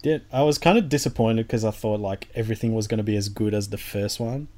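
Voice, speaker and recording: Laid-back man, low voice. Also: fast, a crowd in the background. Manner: laid-back, joking, swears freely. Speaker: podcast co-host. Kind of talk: casual chat about games.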